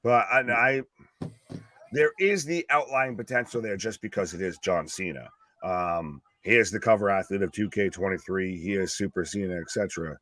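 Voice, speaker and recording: A man with a fairly low voice, co-hosting a wrestling watch-along stream in loose, joking chat. His jabs come out sarcastic, and the sound is close and dry with no room around it. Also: moderate pace, fairly bright tone, no room sound. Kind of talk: casual chat.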